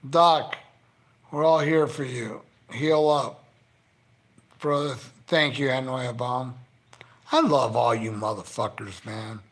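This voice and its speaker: A man's voice: medium pitch, fairly even intonation, slow, pauses often. A man on a live stream, heartfelt and profane, choked up and near tears as he thanks his viewers. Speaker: livestreamer thanking his chat. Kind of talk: casual live-stream chat.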